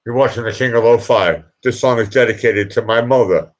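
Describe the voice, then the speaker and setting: Emotional man hosting a late-night livestream. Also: medium pitch. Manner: emotional, rambling, halting, on the verge of tears. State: teary. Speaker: livestream host.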